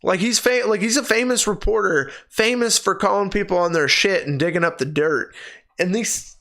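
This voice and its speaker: Into his own streaming mic, a man rants about a movie in a casual spoken review, exasperated and cursing openly. His sharp, high voice moves at a moderate pace with vocal fry.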